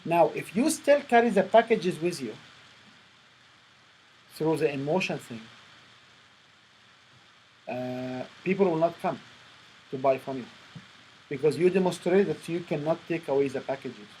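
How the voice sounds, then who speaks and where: A man coaching a student on stage presentations, speaking in halting phrases with many restarts. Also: a little high, expressive, a little mellow, a little hiss or hum, rough recording. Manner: non-native phrasing, repeats and restarts. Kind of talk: coaching session.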